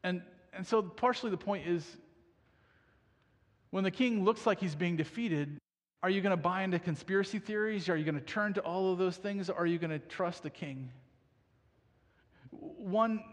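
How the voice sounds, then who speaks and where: A man's voice: high-pitched, measured pace, big-room sound. A man preaching a sermon in a conversational manner, reading scripture and correcting himself as he goes. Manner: conversational, with self-corrections and asides. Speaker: pastor.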